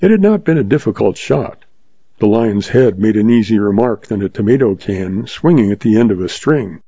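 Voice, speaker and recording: A man narrating a story in a steady audiobook reading. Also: fairly low pitch, moderate pace, breathy edge, dry recording. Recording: slightly dull, dry recording.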